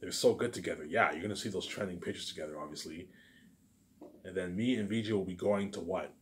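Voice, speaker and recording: A man's voice: low voice, steady tone, a little fast, a little hiss or hum. A man rambling through a daydream monologue, stumbling over restarts and saying "obviously" and "you know what I'm saying" over and over. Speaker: vlogger.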